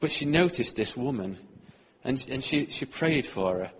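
A man with a husky, slightly breathy voice tells an earnest testimony as part of a sermon. His speech is mid-pitched for a man, and he often lets his sentences fade away softly. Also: lively intonation, normal speed. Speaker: church speaker.

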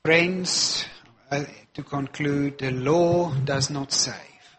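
A man's voice: fairly high pitch, fairly even intonation, extremely slow, fairly bright tone, slight background noise. A man preaching a sermon, stressing and repeating key phrases for weight.

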